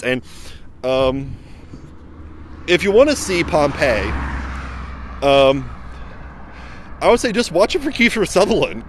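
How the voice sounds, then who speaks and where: A man's voice: mid-range voice, a little hiss or hum. A man giving a casual, rambling spoken review outdoors beside a road, full of fillers and restarts. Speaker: film reviewer. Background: passing vehicles.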